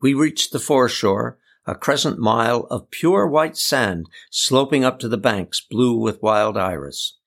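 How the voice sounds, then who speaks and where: A man reading a first-person story aloud in a calm, descriptive way. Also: mid-range voice, a little slow, gravelly, few pauses. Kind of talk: scripted first-person narration.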